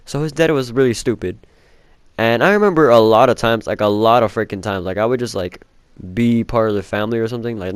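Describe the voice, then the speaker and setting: A man's voice: on the low side, clean tone, no echo. A young man telling a rambling personal story in a casual vlog, swearing often and filling with "like". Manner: rambling, heavy swearing, many "like" fillers. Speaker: vlogger.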